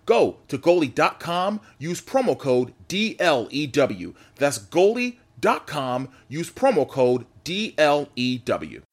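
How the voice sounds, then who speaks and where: Podcast host reading a sponsor spot. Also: male voice, on the high side, big pitch swings. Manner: deliberate, spelling things out slowly in the ad read. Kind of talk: casual interview talk and read sponsor spot.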